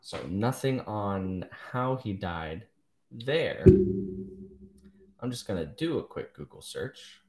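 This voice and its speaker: Man, low voice, casual live-stream host, rambling wry asides, echoey room. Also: animated, slow. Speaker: host of a live poetry show.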